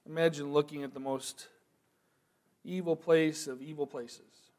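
A man preaching a sermon, moving from quiet, thoughtful asides to loud, emphatic proclamation. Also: a little high, steady tone, a little slow.

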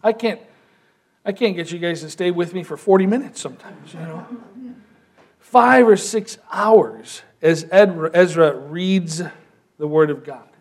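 A man preaching a sermon as pastor, telling the story with lively, animated delivery and acting out voices. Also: high-pitched.

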